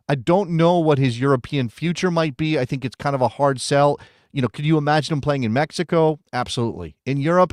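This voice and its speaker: A man's voice: mid-range voice, dry recording. Chatty American man, dry close sound. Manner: rambling, self-correcting, chatty. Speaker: podcast co-host. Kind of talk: casual soccer talk show.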